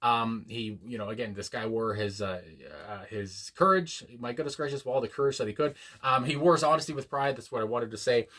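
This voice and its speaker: A man hosting a music reaction video, talking casually and reflectively with many pauses and fillers, reading lyrics aloud slowly. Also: medium pitch, fairly bright tone. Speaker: music reaction channel host. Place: home room, a dog nearby.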